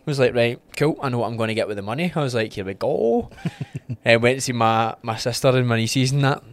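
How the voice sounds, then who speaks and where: A Scottish man co-hosting a podcast, chatting casually and telling animated stories with acted-out quotes and frequent laughter. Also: medium pitch, fast. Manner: animated storyteller who acts out quotes and laughs often. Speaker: podcast co-host. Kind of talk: casual chat.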